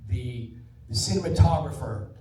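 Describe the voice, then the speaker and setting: A man in his sixties, an actor telling stories to a cinema audience before a screening, animated, dropping to a hush for quoted lines. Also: mid-range voice, normal speed, far from the mic, a little hiss or hum. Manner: animated anecdotal storyteller, drops to a hush for quotes. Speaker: actor introducing a film screening. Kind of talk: live storytelling to a cinema audience. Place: cinema auditorium. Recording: roomy theater sound from off-mic.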